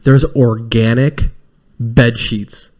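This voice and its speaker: A man hosting a podcast in casual chat, rambling with quick restarts and plenty of swearing. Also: mid-range voice. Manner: mimics film lines in lively put-on voices. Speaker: podcast host.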